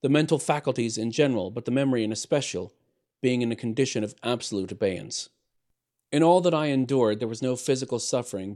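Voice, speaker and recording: Telling a gothic story, this mid-range male voice keeps a measured, theatrical delivery. Dramatic lines build louder, then fade to a hush at their close.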